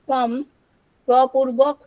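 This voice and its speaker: An older woman giving an academic lecture on ancient language, slow and deliberate, repeating words as she explains. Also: sits high, level tone, no echo, muffled recording. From India. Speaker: lecturer on Sanskrit and Prakrit.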